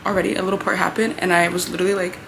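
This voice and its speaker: A woman's voice: lowish voice, little pitch movement, very fast, vocal fry, background noise. A young woman chatting in a casual reading vlog, bubbly and gushing, with lots of "like" fillers, recorded at home. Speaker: book vlogger.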